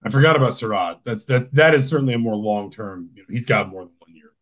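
A young man co-hosting a relaxed college football chat, his voice sitting at an ordinary middle pitch. He circles his points with restarts and asides. He livens up whenever he tells a story. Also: fast. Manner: rambling, many restarts, animated storytelling. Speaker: college football podcast co-host. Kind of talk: casual sports chat.

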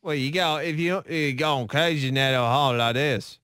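A man's voice: on the high side, moderate pace, smooth, dry recording, studio quality. A man co-hosting a sports talk radio show, teasing his partner and giving his take on the game. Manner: wisecracking, deadpan teasing. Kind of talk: casual sports radio banter. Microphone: studio microphone.

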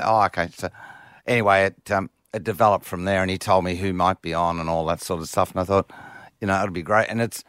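A man's voice: deep voice, steady tone, quick pace, a bit bright, clean tone, dry recording. A man chatting easily as a guest musician in a radio studio. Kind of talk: radio interview.

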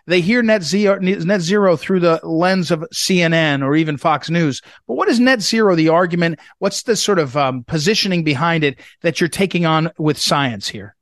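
Rambling talk radio host, higher voice. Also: male voice, a bit bright, no echo, studio quality. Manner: rambling, many fillers and restarts.

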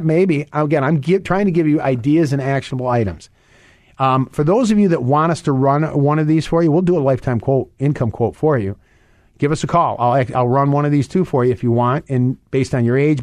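A man hosting a financial advice radio show, talking fast and rambling, with many restarts and fillers. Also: medium pitch, darkish tone, dry recording, clean studio sound. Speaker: radio show host and investment advisor.

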